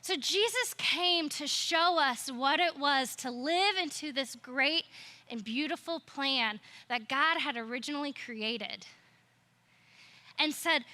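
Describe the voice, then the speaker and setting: A woman with a high, bright voice, telling a story to a youth group. She is playful and chatty and drops jokey asides along the way. She sounds like she is in her thirties. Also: lively intonation, unhurried. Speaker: youth ministry speaker. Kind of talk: storytelling talk with flannel graph.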